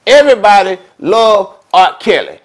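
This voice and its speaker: High-voiced animated man. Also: moderate pace, low-quality recording. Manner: animated, chatty, streetwise. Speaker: vlog host. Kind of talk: casual storytelling commentary.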